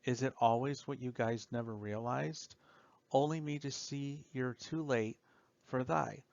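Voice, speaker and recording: Somber male poetry narrator, unhurried delivery, dull and dry lo-fi sound. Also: medium pitch, fairly even intonation, vocal fry, dry recording. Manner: slow, somber and measured, trailing off softly at line ends. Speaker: audiobook narrator. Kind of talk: slow reading of dark poetry.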